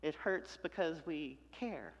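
A man preaching a sermon as pastor, building through repeated phrases and dropping to hushed, tender lines. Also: a little high, lively intonation, takes it slowly. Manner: preaching with rhythmic repetition and swings from loud to hushed. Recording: long hall reverb.

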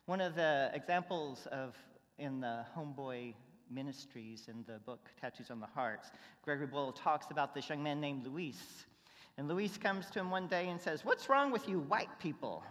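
A preacher delivers a sermon in a church sanctuary at an ordinary middle pitch. Long reverb from the hall trails each phrase. The delivery is conversational and story-driven, dropping to a near hush and then rising to emphatic points. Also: normal speed. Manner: conversational storytelling, swinging between hushed and emphatic. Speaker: pastor.

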